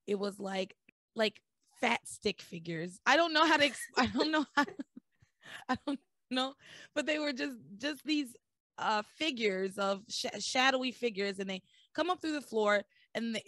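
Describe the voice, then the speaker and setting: A woman with a fairly high voice, recapping a soap in lively, sarcastic casual chat. The sound is dry and close, with no room around her. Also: measured pace, no room sound. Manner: animated storytelling with sarcastic asides. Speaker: podcast host recapping a soap opera.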